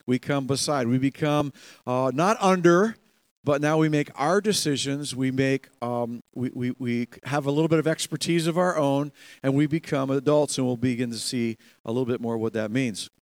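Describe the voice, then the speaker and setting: A man preaching a sermon in a church, animated, laughing often and acting out quoted voices. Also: medium pitch, moderate pace, no room sound. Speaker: pastor.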